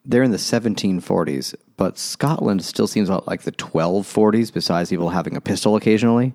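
A man's voice: fairly low pitch, fairly quick, a little mellow. A man co-hosting a casual book podcast over beers, laid-back and joking, rambling with restarts. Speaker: podcast host.

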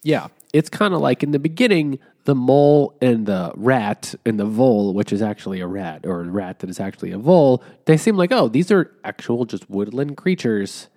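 A man co-hosting a podcast, talking in an animated, sardonic way about a book. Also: medium pitch, normal speed, few pauses. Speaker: podcast co-host. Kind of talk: casual book discussion.

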